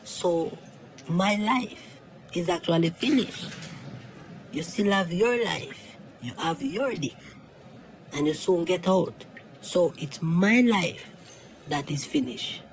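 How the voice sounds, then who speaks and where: A man's voice: high voice, slow, slight background noise, poor audio. A man voicing a reformed former thief serving life in prison, giving earnest advice in broken creole English. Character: reformed male thief, longtime prison inmate, calm advisor. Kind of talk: cartoon voice acting.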